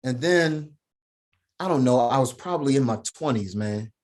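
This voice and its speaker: A middle-aged man speaks as a podcast guest, emphatic and heartfelt. His voice sits in an ordinary middle pitch, and he keeps punctuating his story with "right?" and "man". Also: lively intonation, moderate pace, a little mellow. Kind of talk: personal storytelling in an interview.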